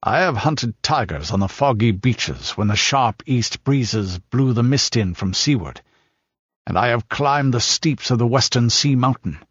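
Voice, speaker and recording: A man's voice: medium pitch, animated, unhurried, breathy edge, no room sound, dull audio. A man voicing a fierce, proud Pictish warrior who speaks in a guarded, curt and sneering way. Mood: guarded scornful.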